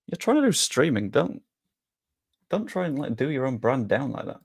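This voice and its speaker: A man's voice: medium pitch, sing-song, moderate pace, gravelly, slightly rough, dry recording, studio quality. A young man hosts a live stream, talking casually and making jokes at his own expense. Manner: chatty, jokey, self-deprecating. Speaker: streamer hosting a sweepstake draw.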